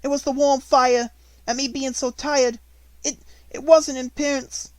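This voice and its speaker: A man voicing a timid young scullery maid who stammers breathless apologies in a high, pleading voice. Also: flat delivery, a little slow, no echo. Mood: frightened.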